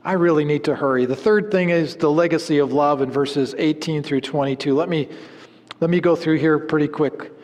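A man preaching a sermon in an earnest way, his voice dropping low at the ends of phrases. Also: fairly even intonation, normal speed, darkish tone, in a large hall. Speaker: pastor.

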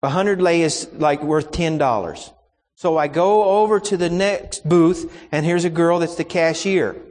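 A man's voice: on the high side, measured pace, a little mellow, in a large hall. A man preaching a sermon, telling a personal story in a folksy, anecdotal way and acting out the exchanges.

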